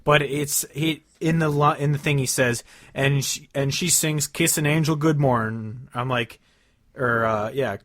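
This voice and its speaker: Man, podcast co-host, casual chat, rambling, excitable, swears a lot. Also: medium pitch, unhurried.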